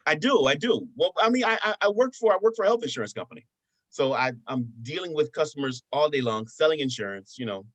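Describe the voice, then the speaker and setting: A man's voice: fairly high pitch, sing-song, fast talker, a bit bright, no room sound. A man from Buffalo, New York, in his thirties, co-hosting a casual podcast chat and telling stories animatedly with frequent restarts. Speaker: podcast co-host.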